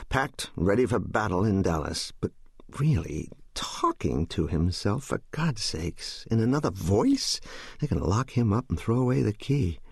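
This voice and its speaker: Man reading an audiobook, kinda husky, lots of pitch movement, dry close sound. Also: very animated, dry recording. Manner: measured, descriptive storytelling. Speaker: audiobook narrator. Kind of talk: scripted audiobook narration.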